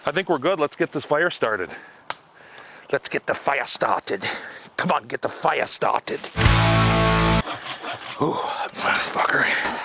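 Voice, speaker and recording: Over loud music, a man's gravelly, medium-pitched voice comes through animated and a little slow. The outdoor vlogger is fishing and cooking in the woods, joking and self-mocking in casual talk to the camera, at times breathless.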